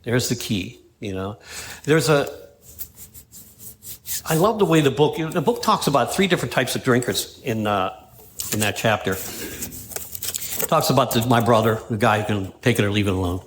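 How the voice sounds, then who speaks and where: This Pittsburgh man speaks at an AA meeting in a meeting room at a moderate pace, with lively intonation and long pauses in his mid-range voice. He tells stories, reads passages aloud, and keeps checking in with "right?" and "you know?" Slight background noise is present.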